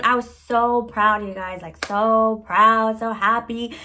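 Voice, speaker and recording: A woman with a somewhat high voice spins a casual story to her viewers. Her talk is slangy and laid-back, and she pokes fun at herself as she goes. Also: steady tone, slow, hardly any pauses, sharp tone. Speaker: vlogger.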